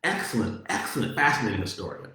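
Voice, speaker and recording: A man giving a casual political monologue, talking in a profane, animated way, with many filler words. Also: on the low side, fast talker. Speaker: political commentator. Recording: very echoey room.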